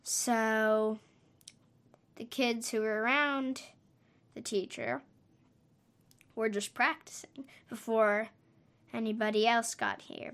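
A woman with a fairly high voice tells a story at an unhurried pace. She rambles, stops mid-thought and corrects herself as she goes, in a loose, unscripted way. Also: fairly bright tone, clear, resonant tone. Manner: hesitant, trails off and corrects herself often. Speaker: podcast storyteller.

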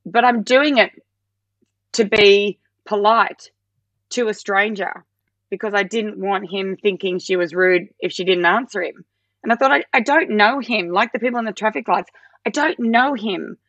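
A woman, mid-pitched, tells lively personal stories in a relaxed interview chat. She lifts her voice sharply higher to act out things she once said. The recording is dry, with slightly muffled highs. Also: normal speed, no echo. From Australia. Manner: animated storytelling, acts out her own quoted lines in a much higher voice. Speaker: podcast guest.

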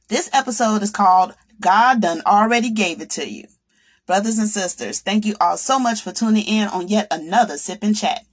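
A woman hosting a faith podcast, addressing listeners as brothers and sisters, preaching in a conversational way and acting out people's complaints. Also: medium pitch. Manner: acts out quoted complaints in a raised voice. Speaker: podcast host. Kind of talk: faith-based motivational talk.

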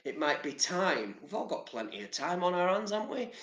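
A man's voice: high-pitched, sing-song, fairly quick, fairly bright tone, lo-fi sound. Chatty English man in a roomy space. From England. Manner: chatty, rambling, swears casually. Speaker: vlogger. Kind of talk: casual motivational talk to camera.

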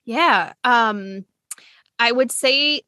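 A nurse and clinical educator in her thirties chats candidly as a guest in a casual interview, using plenty of fillers and correcting herself. Her voice is a little high, pushed and bright, and extremely slow, with no echo.

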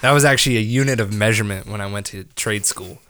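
A man's voice: fairly low pitch, fast talker, a bit bright. Goofy young male co-host. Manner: joking, goofy banter. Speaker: podcast co-host. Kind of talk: casual podcast chat.

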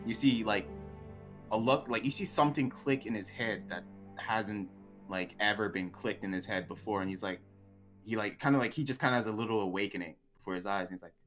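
A man's voice: on the low side, brisk, a bit bright, faint music behind. Chatty male game master, loose and wordy. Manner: rambling, filler-heavy with frequent "like" and "right?". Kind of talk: narrating a tabletop role-play.

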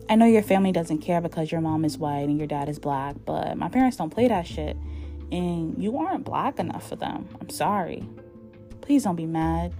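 A woman's voice: lowish voice, warm tone. A woman reading the lines of a dismissive, manipulative young boyfriend in a story. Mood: explaining. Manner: dismissive then pleading.

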